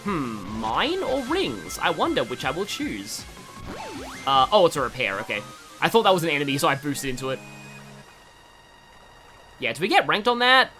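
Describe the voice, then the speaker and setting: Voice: medium pitch, very animated, moderate pace, long pauses, bright, forceful tone, faint music behind. A streamer with an Australian accent giving rambling, casual commentary while playing a game, with many restarts and fillers. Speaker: gaming streamer. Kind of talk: casual let's-play commentary.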